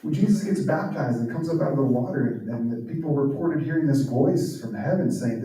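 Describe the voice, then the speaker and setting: A man's voice: mid-range voice, lively intonation, a little fast, hardly any pauses, dark tone. A man, a guest author and speaker, giving a sermon as conversational storytelling in a large church hall. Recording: echoey hall, distant mic.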